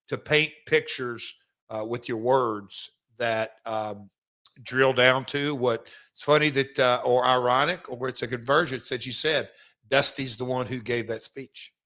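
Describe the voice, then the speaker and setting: Middle-aged male podcast host, bright edge, emphatic rambling storyteller. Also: medium pitch. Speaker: podcast host, former wrestler. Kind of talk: casual podcast chat.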